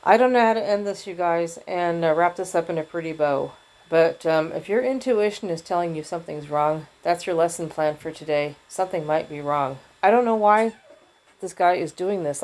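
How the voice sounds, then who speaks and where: A woman's voice: lowish voice, darkish tone. A woman hosting a podcast, giving a frustrated, rambling monologue that is full of restarts and swearing. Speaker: podcast host. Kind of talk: personal venting monologue.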